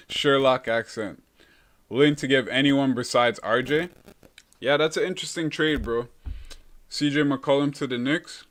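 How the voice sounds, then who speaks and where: Easygoing and unhurried at a moderate pace, a young Canadian man chats loosely with viewers on his relaxed live stream, replying to their comments. He has an ordinary middle pitch for a man and tosses "bro" into practically everything he says.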